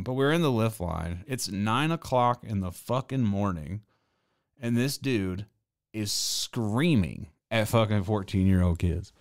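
Recorded cleanly in a studio with no room sound, a lowish-voiced man in his thirties hosts a podcast. He spins a story animatedly, rambling along casually and swearing freely.

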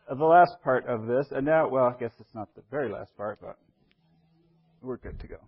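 A man's voice: mid-range voice, normal speed, husky, muffled recording. Man teaching a Bible class. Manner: conversational, keeps checking in with the class. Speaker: church elder teaching a class.

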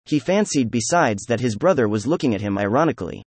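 Give me a man reading an audiobook aloud, calm and even, dry sound. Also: medium pitch, fast talker, slightly rough, dry recording. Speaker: audiobook narrator. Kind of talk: scripted narration.

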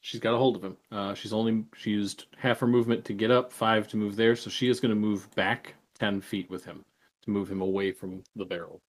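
A man acting as game master, calmly narrating turns and explaining rules of a tabletop game. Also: fairly low pitch. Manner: measured, explains rules with fillers.

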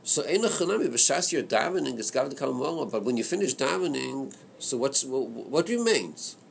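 A man leading a study class on a Chassidic text, thinking aloud in a hesitant, halting way that repeats words. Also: mid-range voice, very animated, creaky, slight background noise. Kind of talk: Torah study class discussion.

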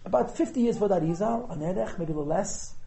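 A man teaching a Chassidus class to regulars, lively and thinking aloud as he explains, stressing key words. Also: high-pitched, fast, creaky, a crowd in the background. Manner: thinks aloud, hedges and restarts often. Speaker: Torah teacher. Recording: echoey room.

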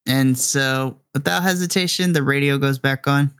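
A man narrating a tabletop game as game master, slow and deliberate as he sets scenes. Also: medium pitch, steady tone, fairly bright tone, clear, resonant tone, no echo. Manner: drawn-out, deliberate narration with voiced characters.

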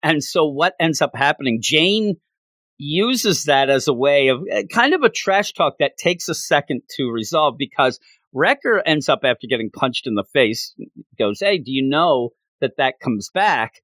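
Chatty comic-reviewing man, lively pitch. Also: normal speed, no echo. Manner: chatty, opinionated asides.

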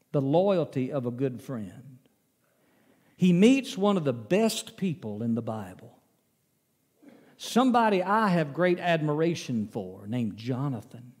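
A male preacher telling a Bible story in a folksy, animated sermon. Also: a little high. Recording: long reverb of a large hall.

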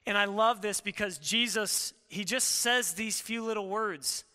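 A man preaching a sermon in an animated, conversational way, full of rhetorical questions. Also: sits high, unhurried, few pauses, big-room sound. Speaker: pastor.

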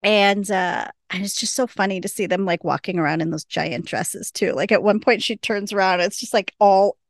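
A woman's voice: medium pitch, normal speed, dry recording, clean studio sound. A woman hosting a podcast, casually recapping a TV episode, laughing often and acting out the lines. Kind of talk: casual chat.

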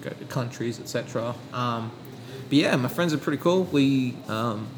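Young Australian man, softened accent with British inflections, rambling chat, noisy recording. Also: mid-range voice, moderate pace. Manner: chatty, rambling, frequent fillers and restarts. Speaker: podcast guest. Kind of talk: casual chat. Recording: audible background noise.

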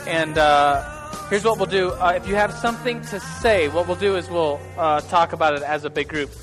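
A man's voice: fairly high pitch, normal speed, big-room sound, over music. A man leading an interactive church group class, talking casually and jokingly with many restarts. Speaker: Bible class leader. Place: large hall with tables of listeners.

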